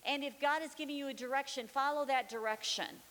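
A woman's voice: sits high, fairly quick, a bit bright. A middle-aged woman teaching the Bible, sharing a testimony with fervent, building declarations. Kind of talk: testimony during a sermon. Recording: long reverb with faint hiss.

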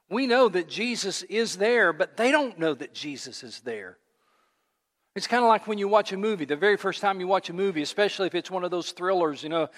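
This pastor's voice is high and a bit bright, echoing with long hall reverb. He delivers his sermon conversationally, repeating words and performing the quotes he cites.

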